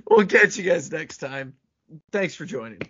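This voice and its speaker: A man with a high, husky voice jumps into a casual movie commentary podcast. He piles on jokes excitedly and swears as he goes. The audio is dull and lo-fi. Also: unhurried. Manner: excitable, profane. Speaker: podcast co-host.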